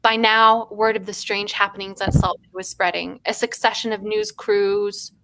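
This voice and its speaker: A woman hosting a writing stream, reading her own short story aloud with animated asides and frequent laughter. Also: mid-range voice, normal speed. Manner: animated, laughs often between passages. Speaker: writer and stream host.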